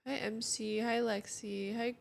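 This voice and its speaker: A young woman chats with her stream audience from home, greeting people one after another. Her sleepy morning voice carries a gravelly fry, and she speaks at an unhurried, slow pace. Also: on the high side. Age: young adult. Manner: greets chat viewers one by one, relaxed and chatty. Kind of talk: casual chat.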